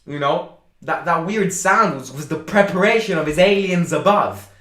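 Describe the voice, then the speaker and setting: A man hosting a live football watchalong stream, reacting excitedly to the match and chatting with his viewers. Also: a little high, moderate pace, reverberant. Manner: excitable, shouts and boasts at goals, chatty with viewers.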